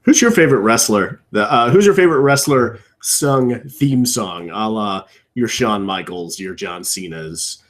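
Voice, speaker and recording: A young man co-hosting a podcast from his computer at home, riffing in casual chat with strong opinions and rambling asides that trail off low. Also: expressive, a little slow, hardly any pauses. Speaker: podcast co-host. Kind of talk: casual wrestling riff commentary.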